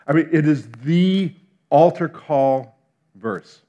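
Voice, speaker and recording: In a muffled recording, a middle-aged New Jersey man with a New Jersey accent preaches slowly in a somewhat high voice. His sermon is animated, with acted-out quotes and swings from loud to hushed.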